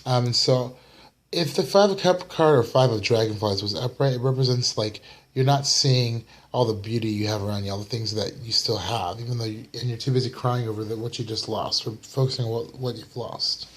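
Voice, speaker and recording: A man's voice: mid-range voice, a little fast. Tired man rambling through a tarot reading. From United States. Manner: rambling, apologetic, yawning, fillers. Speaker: tarot reader. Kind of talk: casual tarot reading vlog. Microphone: camera mic.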